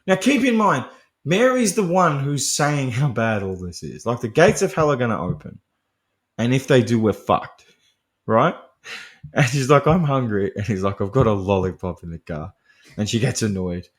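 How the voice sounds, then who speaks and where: A man hosting a podcast, casually recapping a film in a profane, laughing, rambling monologue. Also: medium pitch. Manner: chatty and profane, laughing often; digressive, full of fillers and restarts. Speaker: podcast host.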